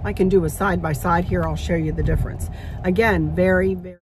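A woman's voice: lowish voice, steady tone, fairly quick. Older lady vlogging from her car, chatty and emotional, lots of car noise. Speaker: craft and decor channel host. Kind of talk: casual car chat vlog. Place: inside a car. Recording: noisy car interior.

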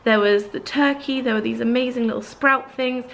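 A woman in her thirties talks straight to camera in a casual, candid vlog, drifting into asides as she goes. Her voice sits a little high. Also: fairly even intonation, brisk, fairly bright tone. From England. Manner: chatty and candid, with many asides. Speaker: vlogger.

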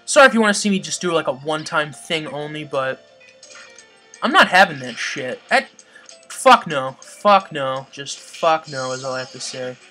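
A let's play gamer giving casual commentary, swearing often and yelling at the game. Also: mid-range voice, animated, brisk, faint music behind. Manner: swears a lot, yells at the boss.

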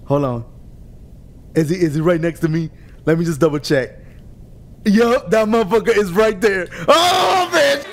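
A man voicing a sneaky, wary male ape kart racer in low, hushed muttering. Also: animated, a little slow, pauses often. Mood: suspicious.

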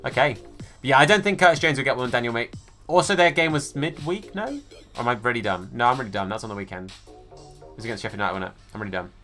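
A man's voice: mid-range voice, quick pace, pushed and bright, soft background music. A man streaming a football video game, chatting casually with viewers and greeting them by name. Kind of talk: live gaming stream chat.

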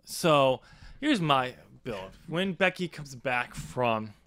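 A man co-hosting a casual wrestling podcast, relaxed and talkative, explaining his ideas at length and laughing easily. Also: medium pitch, slow pace. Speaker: podcast co-host. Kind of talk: casual chat.

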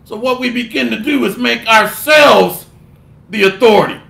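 A man delivers a fierce, scolding sermon in a strikingly high, gravelly voice. His tone is sharp and bright as he rebukes his listeners and mocks them in put-on voices. The recording sounds like an echoey room. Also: normal speed. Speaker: preacher.

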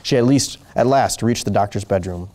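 A man reading a short story aloud as host, slow and deliberate with occasional small slips. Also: fairly low pitch, mellow. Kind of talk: measured story narration.

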